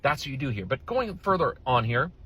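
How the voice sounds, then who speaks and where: A man's voice: medium pitch, sing-song, a little fast, pushed and bright, slightly rough. A male relationship coach reacting to another video in a blunt, heated, profane rant. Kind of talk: reaction commentary.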